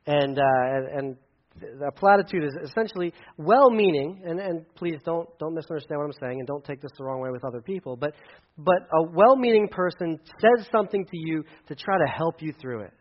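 A man with a high voice preaches a sermon, and his delivery is lively. When he acts out quoted speech, his voice jumps into loud, high bursts. The recording sounds muffled and lo-fi. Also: a little fast. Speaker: pastor.

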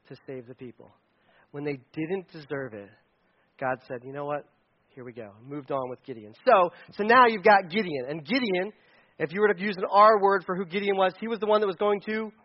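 Brief: male pastor, high voice, chatty sermon with casual asides, muffled lo-fi sound. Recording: dull lo-fi sound.

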